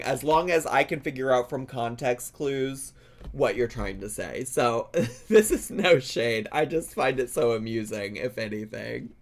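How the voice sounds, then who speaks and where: A man giving casual, playful live-stream commentary on a video, laughing often and drawing out words in mock pronunciations. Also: mid-range voice. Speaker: reaction streamer.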